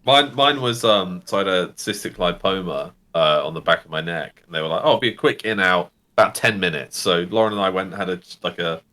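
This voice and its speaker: A man's voice: deep voice, brisk, few pauses. Man telling a story. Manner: animated, swearing, laughing storyteller. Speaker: game master host. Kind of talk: casual chat, storytelling anecdote.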